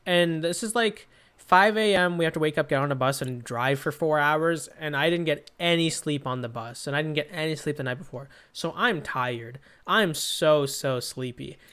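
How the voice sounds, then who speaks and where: Bright, clear-voiced young man rambling. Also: on the high side, normal speed. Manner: rambling, self-deprecating storyteller with many fillers. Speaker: podcast co-host. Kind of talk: casual comedy podcast chat.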